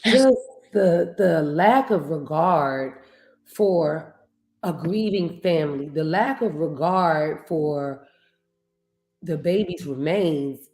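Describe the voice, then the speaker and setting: A woman's voice: low-pitched, takes it slowly, darkish tone. A woman hosting an interview, speaking sympathetically with firm emphasis. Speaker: interviewer, host. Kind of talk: conversational interview. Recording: echoey room with faint music.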